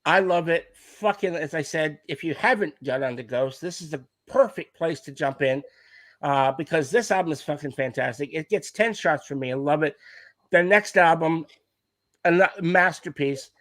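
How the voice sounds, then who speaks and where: Aussie guy, fairly high voice, swears constantly, animated storyteller on a music podcast. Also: moderate pace, no room sound. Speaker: podcast co-host. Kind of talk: casual chat about music.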